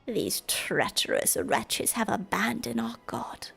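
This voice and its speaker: Fanatical fish-man zealot, voiced by a woman: gravelly, husky half-whisper, very slow and menacing, faint game music under. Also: a little high, animated, fairly bright tone, full character voice. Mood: defiant. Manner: slow, menacing, drawn-out delivery. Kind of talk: reading game dialogue aloud in character.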